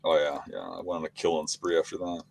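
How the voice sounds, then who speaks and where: A middle-aged man with a low, deep voice talks through his habits in an unhurried, matter-of-fact way. His delivery is plain and conversational. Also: little pitch movement, gravelly, darkish tone, no room sound. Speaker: podcast co-host, hunting guest. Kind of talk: casual conversation.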